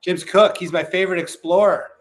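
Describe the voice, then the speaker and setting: A man's voice: high voice, steady tone, brisk. A man chatting casually as a podcast guest, telling rambling, profane stories full of fillers.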